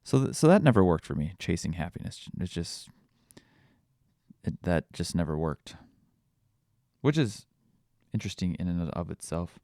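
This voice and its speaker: A man hosting a podcast, thinking out loud in a casual reflective monologue, searching for words with frequent restarts. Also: low voice, big pitch swings, moderate pace, gravelly, pauses often, no room sound, studio quality. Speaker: podcast host.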